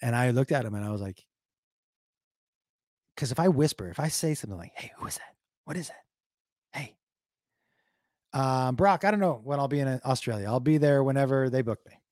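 A man's voice: mid-range voice, fast, no echo, studio quality. A man streaming to his live chat, telling stories casually, swearing a lot and doing silly noises. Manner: profane, animated, does silly noises. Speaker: comedian streamer reading chat.

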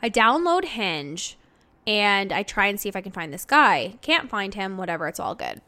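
Rambling podcast host, woman in her thirties, lively casual chat, mid-pitched voice. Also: moderate pace. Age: 30s. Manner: rambling, chatty, full of "like".

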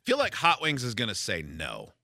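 A man's voice: medium pitch, huge pitch swings, normal speed, creaky, pushed and bright, no room sound, studio quality. A man hosting a radio talk show, joking and reading listener texts in casual chat. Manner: jokey, leads the discussion and reads listener texts.

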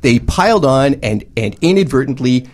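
Lively, exasperated ranting man. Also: medium pitch, moderate pace. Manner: exasperated, emphatic, sarcastic. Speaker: panelist. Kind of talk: ranting panel discussion.

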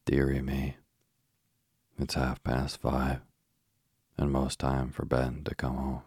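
A man voicing a cheerful, bustling older girl in a storybook reading, in a brisk, motherly way. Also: a bass voice, monotone, a little mellow, slightly rough, dry recording, studio quality, exaggerated voice.

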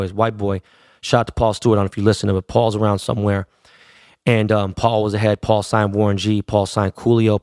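His voice is lowish and a little mellow: a middle-aged DJ and producer from Los Angeles casually telling a profane, slang-heavy story. He mimics the voices of the people in it in quick bursts, recorded in a studio with no room sound.

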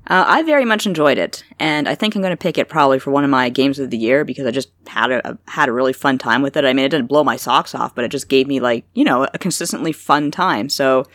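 A woman co-hosting a gaming podcast, relaxed, informative and matter-of-fact as she gives her review. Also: extremely low pitch, quick pace, few pauses, dry recording. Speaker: podcast co-host, game reviewer. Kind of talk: casual podcast chat.

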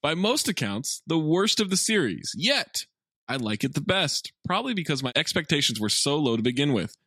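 A man hosting a podcast in casual comedic chat, reading reviews aloud with an animated, mocking manner and free swearing. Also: a little high, normal speed, slightly rough, no echo, studio quality.

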